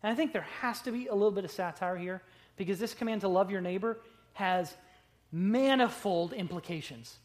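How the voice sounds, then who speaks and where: Guy preaching a sermon, chatty, gets loud on key words then drops quiet. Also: high-pitched, fairly quick. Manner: emphatic, swings between loud stressed words and quiet asides; conversational with rhetorical questions. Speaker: pastor.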